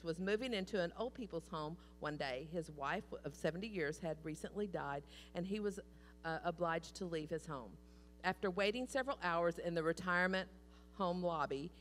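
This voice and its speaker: A woman preacher giving a sermon in a church, telling stories in an animated, folksy way. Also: fairly low pitch, slight background noise. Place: church sanctuary. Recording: long church hall reverb.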